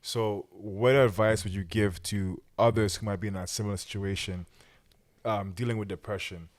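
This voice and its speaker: Low-voiced young male podcast host. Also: fairly even intonation, normal speed. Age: young adult. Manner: supportive, lots of affirming murmurs. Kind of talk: casual interview.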